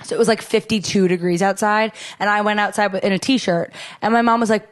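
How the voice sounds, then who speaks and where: A young woman in casual chat, telling stories in an animated way, swearing and acting out what people said. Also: medium pitch, fast talker, few pauses. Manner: animated storyteller, swears, acts out quotes.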